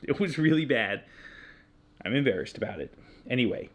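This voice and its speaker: With slight background noise behind him, a man in his thirties co-hosting a podcast speaks at a moderate pace in a mid-range voice. His casual personal story is candid and self-deprecating, and he turns animated when recounting his own yelling.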